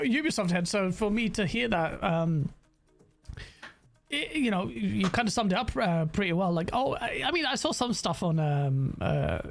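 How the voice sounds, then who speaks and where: Gravelly London man, animated storyteller. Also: high-pitched. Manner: animated storyteller, laughs often, slangy. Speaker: podcast co-host. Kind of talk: casual chat.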